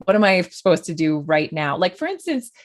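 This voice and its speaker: A woman's voice: fairly low pitch, very animated, a little fast. A woman guest on a podcast, speaking thoughtfully with many fillers and restarts. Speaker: guest, journalist. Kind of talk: conversational podcast interview.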